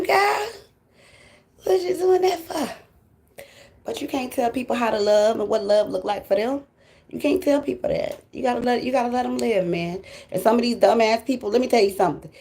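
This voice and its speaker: A woman with a mid-range, darkish voice hosts a tarot channel and reads tarot. An adult with grown children, she talks to viewers in a blunt, profane, casual monologue and laughs often.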